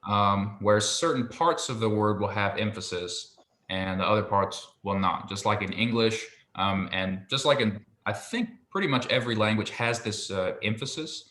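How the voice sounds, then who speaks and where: A man's voice: on the low side, moderate pace, pushed and bright, reverberant. A man tutoring basic biblical Hebrew one-on-one, explaining patiently and checking that his student follows. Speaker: Hebrew teacher.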